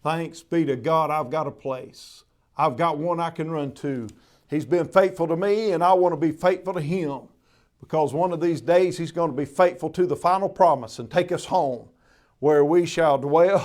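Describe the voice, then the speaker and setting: A man's voice: fairly high pitch, normal speed, a little mellow. A man preaching a sermon, in a fervent, repetitive preaching cadence. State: recovered from covid.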